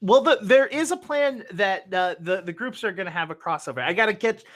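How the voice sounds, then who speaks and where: A young man hosting a tabletop game stream, chatting casually before play with many halting restarts. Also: high voice, expressive, fairly bright tone. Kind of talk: casual pre-show chat.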